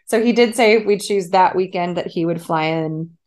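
A woman's voice: on the low side, moderate pace. Chatty woman telling a story with laughter. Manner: animated storytelling, laughs often. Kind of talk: casual conversation.

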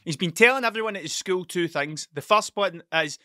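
A man's voice: high voice, a little fast, pushed and bright, dry recording, studio quality. A man hosting a podcast, rambling through a casual monologue, swearing freely and stumbling over his words. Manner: rambling, sweary, stuttering storyteller. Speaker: podcast host.

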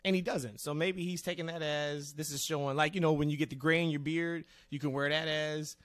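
A male podcast host talking wrestling in a casual, animated way, passing questions to his co-hosts. His voice sits a bit high for a man, and the sound is close and dry. He keeps the conversation moving. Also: brisk, no echo. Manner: animated, steers the talk to co-hosts. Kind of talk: casual chat.

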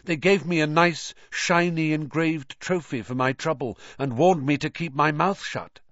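A man narrating a storybook in an expressive reading style. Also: fairly high pitch, measured pace, no room sound. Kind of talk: audiobook narration. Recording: dull, dry recording.

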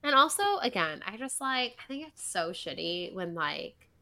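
Bright, animated young woman chatting. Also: mid-range voice, moderate pace, no room sound. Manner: animated, swears casually, lots of "like". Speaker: book podcast co-host. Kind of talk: casual chat.

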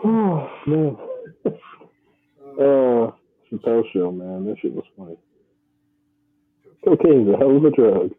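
A man's voice: on the low side, measured pace, pauses often, breathy edge, no room sound. A man hosting a live show in casual chat, talking in a laid-back, rambling way. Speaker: podcast host. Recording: tinny phone-like dry audio.

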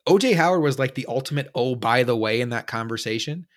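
A man hosting a sports podcast, chatting casually and telling stories with animated quoted voices. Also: mid-range voice, brisk, hardly any pauses. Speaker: podcast host.

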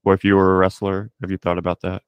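Low-voiced man, dry close sound. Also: monotone, fast talker, clear, resonant tone, dry recording. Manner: thoughtful, filler-heavy questions. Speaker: podcast host. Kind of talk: casual podcast chat. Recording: dry, muffled mic.

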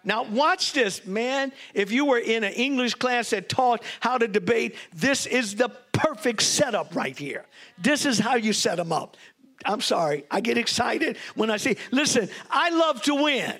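A man with a notably high-pitched voice preaches a sermon. He leads the congregation in call-and-response and gets openly excited over his points, mixing jokes into the teaching. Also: measured pace. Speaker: bishop preaching.

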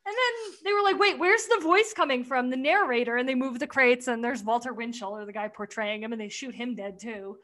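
A woman's voice: on the high side, brisk, few pauses, a bit bright. Rambling, sweary woman recapping a sketch. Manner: rambling, swears freely, acts out quoted lines. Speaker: podcast co-host. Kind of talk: casual chat recapping a TV sketch.

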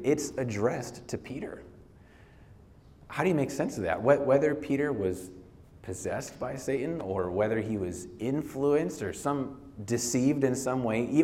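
A man's voice: on the low side, a little mellow. A man preaching a sermon in a conversational way, laughing often and restarting his phrases. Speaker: pastor.

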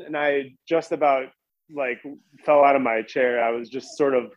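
A man's voice: mid-range voice, normal speed, no echo, lo-fi sound. A man casually telling a long story as a podcast guest, rambling with lots of "like" and restarts.

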